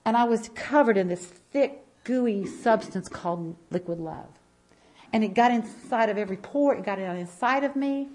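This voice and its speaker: A woman's voice: a little high, moderate pace, a little mellow. A woman in her fifties giving an impassioned church testimony, emphatic and repeating phrases as she tells her story.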